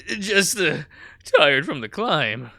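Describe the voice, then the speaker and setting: A man's voice: fairly high pitch, sing-song, slow, gravelly, pushed and bright, dry recording, voice pushed up, full character voice. A man voicing a cheerful young male furry sailor, talking in an upbeat, friendly way.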